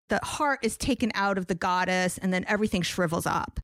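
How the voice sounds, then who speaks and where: A woman's voice: medium pitch, brisk, hardly any pauses, no room sound, studio quality. A woman with a New York accent hosting a podcast interview, talking in a chatty, enthusiastic way. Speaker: podcast host. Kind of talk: casual interview chat.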